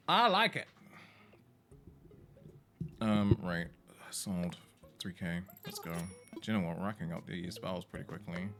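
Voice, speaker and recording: A man's voice: on the low side, background noise. A man chatting casually on a live game stream, opinionated and talkative, talking to his cat between bits of gameplay.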